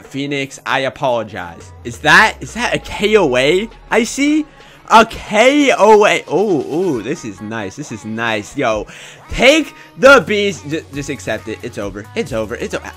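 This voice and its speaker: A young man commentating his own gameplay in a casual, excitable way, often breaking into shouts. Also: medium pitch. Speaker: gaming YouTuber.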